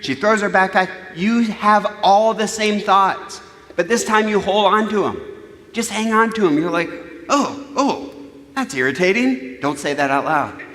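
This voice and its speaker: A man's voice: sits high, normal speed. A man giving a conversational, humorous sermon on parenting, acting out voices as he goes. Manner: animated, humorous, acts out quoted voices. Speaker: church speaker. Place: church sanctuary. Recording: echoey hall reverb.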